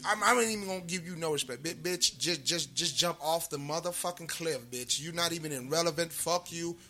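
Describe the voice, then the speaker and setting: A woman co-hosting a casual podcast, ranting loudly with whoops and swearing. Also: low voice, fairly quick. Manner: loud, fired-up ranting with whoops. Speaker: podcast co-host. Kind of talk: casual profane podcast rant.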